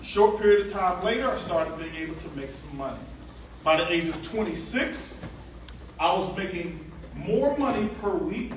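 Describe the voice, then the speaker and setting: A man giving a lively motivational seminar talk, telling stories and joking with a live audience. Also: sits high, moderate pace, noisy background. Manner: animated storyteller, jokes with the crowd, asks for hands. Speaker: motivational speaker on stage. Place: large event hall. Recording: echoey hall, distant mic.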